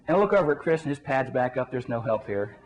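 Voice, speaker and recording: A man working as a career coach, telling a lively personal anecdote and chuckling through it. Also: medium pitch, quick pace, in a large hall. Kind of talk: motivational storytelling talk.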